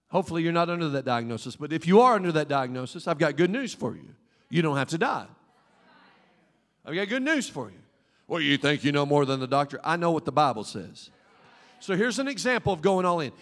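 A man preaching a sermon as pastor, fervent, with call-and-response prompts to the congregation and swings between loud exclamations and quiet asides. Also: on the high side, sing-song, moderate pace, big-room sound. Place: church sanctuary.

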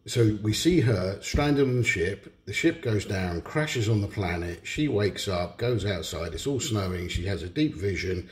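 Blunt, low-voiced man ranting. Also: darkish tone. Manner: blunt and profane, full of restarts. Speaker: co-host. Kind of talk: casual recorded opinion rant.

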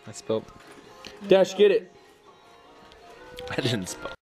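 A woman's voice: deep voice, big pitch swings, takes it slowly, darkish tone, soft background music. A young woman making a casual family vlog, chatting playfully and talking to her baby and dogs. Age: young adult. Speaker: vlogger.

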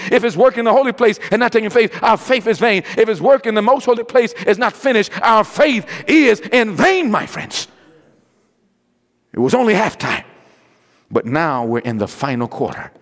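A male pastor preaches to his congregation in a high-pitched voice, leaping from shouted exclamations to quiet, low asides. He throws questions out to the listeners and leaves room for them to answer. The sound rings with a long reverb from the church hall around him. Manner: dramatic swings from loud exclamations to low hushed tones. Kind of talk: evangelistic sermon. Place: church sanctuary.

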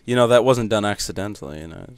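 A man's voice: lowish voice, expressive, fast, clear, resonant tone, no echo. A young man in casual gaming chat with friends, joking and playing mock offense. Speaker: gamer.

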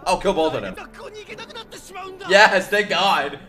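Lively, excitable man reacting to anime. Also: high-pitched, slow pace. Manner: excitable, joking, bursts into shouts.

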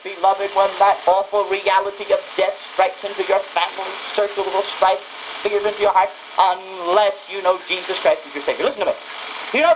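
A woman's voice: medium pitch, slight background noise, rough recording. A woman preacher giving a radio sermon, reading scripture and driving her points home through emphatic, repeated phrases. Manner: reads scripture aloud and stresses single words.

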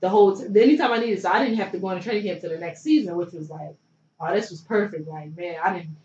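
A woman's voice: lowish voice, fast, warm tone. Chatty young woman from Philadelphia. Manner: loose and chatty, filler-heavy with many likes and you knows. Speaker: guest, former pro basketball player. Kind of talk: casual storytelling interview. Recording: roomy, distant, dull sound with faint noise.

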